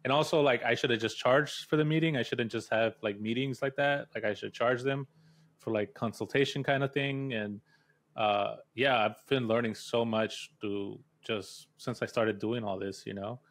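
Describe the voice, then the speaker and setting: Relaxed, rambling male host. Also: medium pitch, moderate pace. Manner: relaxed, rambling, many fillers. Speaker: host interviewer. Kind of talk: casual interview chat.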